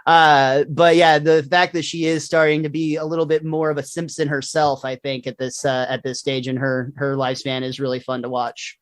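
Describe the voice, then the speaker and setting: A man's voice: on the high side, little pitch movement, moderate pace, hardly any pauses, no echo, clean studio sound. A young man hosting a podcast, chatting casually with many fillers and frequent laughs. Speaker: podcast host.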